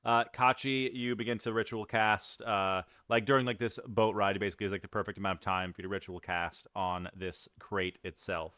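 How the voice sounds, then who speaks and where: A man's voice: on the low side, fairly even intonation, a little fast, hardly any pauses, bright, forceful tone, no room sound, clean studio sound. A man narrating as game master of a tabletop game, talking loosely with lots of fillers.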